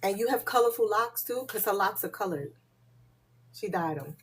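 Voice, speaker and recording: A woman giving a spiritual reading to a live online audience at an ordinary, mid-range pitch. She talks in a loose, chatty way, swears freely and laughs often. She keeps dropping into quiet asides, with a faint hiss of noise behind her. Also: expressive, normal speed. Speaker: spiritual reader hosting a live stream. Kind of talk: casual live-stream reading.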